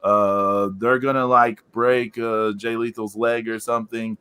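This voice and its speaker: A man's voice: mid-range voice, level tone, a little slow, bright, forceful tone, clean tone. A man co-hosting a podcast in casual chat, rambling with lots of fillers and laughing as he recounts things. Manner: amused, laughs while recounting. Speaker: podcast co-host.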